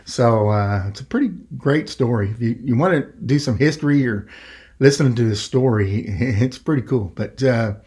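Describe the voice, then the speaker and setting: A middle-aged man hosting a podcast, telling a story in a rambling, animated way and acting out the quoted voices. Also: medium pitch, moderate pace. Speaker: podcast host. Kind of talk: casual storytelling.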